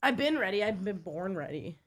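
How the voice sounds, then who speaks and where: A woman's voice: medium pitch, big pitch swings, brisk, a little hiss or hum. A young woman co-hosting a casual podcast, trading jokes and dry banter. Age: young adult. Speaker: podcast co-host. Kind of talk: casual chat.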